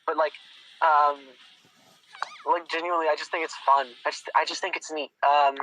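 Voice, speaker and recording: A young man with a bright, somewhat raised voice talks casually as a guest. He rambles and restarts his sentences while thinking aloud. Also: on the high side, flat delivery, moderate pace, a little hiss or hum, poor audio. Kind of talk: casual chat.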